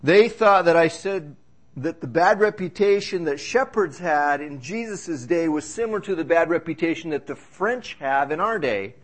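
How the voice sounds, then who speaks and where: A man's voice: a little high, lively intonation, moderate pace. A man preaching a sermon as pastor in a church service, talking in a conversational, joking, storytelling way.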